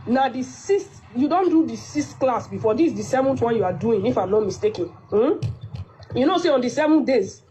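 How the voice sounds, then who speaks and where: A woman, a guest on a casual livestream, talking calmly and explaining at length. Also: on the high side, a little fast, a little hiss or hum, poor audio.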